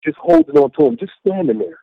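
A man's voice: high voice, huge pitch swings, fast, vocal fry, no room sound, narrow, tinny audio. A middle-aged man recounting his faith testimony as an interview guest, telling it earnestly with lots of repetition and acting out what he said. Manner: earnest, repetitive storytelling with acted-out self-quotes.

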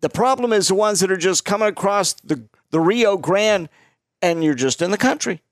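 Emphatic high-voiced man hosting. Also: lively intonation, normal speed, no room sound, clean studio sound. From Florida. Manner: opinionated, emphatic, repeats words. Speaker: podcast host. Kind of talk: casual political chat.

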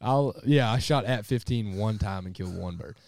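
A man's voice: lowish voice, normal speed, vocal fry, darkish tone, dry recording, clean studio sound. A man hosting a casual hunting podcast at a lodge, telling stories with lots of swearing and acted-out voices. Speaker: podcast host. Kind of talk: casual chat, storytelling. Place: hunting lodge, drinking beers.

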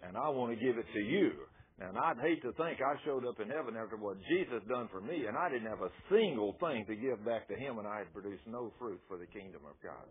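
A man preaching a sermon in a folksy, conversational and emphatic way, with a husky voice. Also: on the low side, lively intonation, fairly quick, hardly any pauses, crowd noise. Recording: tinny phone-like radio broadcast.

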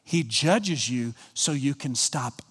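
A man from Colorado preaching a sermon as pastor, emphatic and swinging from hushed lines to soaring ones. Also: medium pitch, expressive, takes it slowly, husky, long reverb tail.

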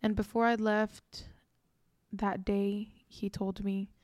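Speaking slowly with a flat, slightly mellow delivery at medium pitch, a woman in her twenties shares a personal story on her podcast. She sounds earnest and reflective, often saying "like" and "you know." The recording is dry.

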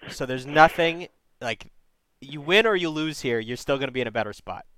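A man hosting a call-in advice show, blunt and animated, swearing freely. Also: medium pitch, moderate pace, a little hiss or hum. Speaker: advice show host taking calls.

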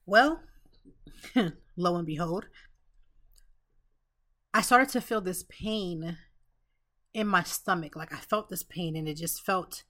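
A woman's voice: on the low side, slow, long pauses, pushed and bright. A woman in her thirties, a podcast host, telling an emotional personal story in an earnest way, with restarts and asides.

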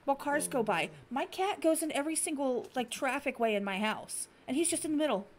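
A middle-aged woman co-hosting a stream, telling blunt, animated stories in casual chat. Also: high voice, brisk, a little hiss or hum. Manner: blunt, animated storyteller acting out her cat. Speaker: stream co-host.

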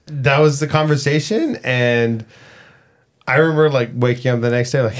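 A man's voice: medium pitch, expressive, moderate pace. A man co-hosting a podcast in casual chat, rambling, swearing freely and laughing often. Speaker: podcast co-host.

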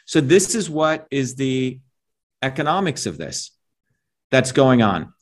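Taking it slowly in a medium-pitched, very animated voice, a middle-aged interview guest delivers his opinions like a lecture. He's emphatic and keeps asking "right?" and "you see?" along the way.

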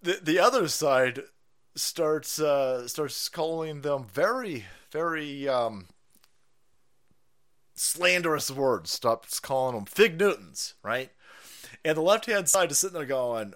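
Animated, profane livestream ranter, a man. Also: a little high, slow. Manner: profane, laughs often, animated. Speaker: livestream host. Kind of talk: ranting political livestream commentary.

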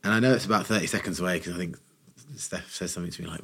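A man co-hosting a podcast, telling a funny story in a casual, animated way and acting out quotes. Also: deep voice, rapid-fire, breathy edge. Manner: animated anecdote teller, acts out quotes.

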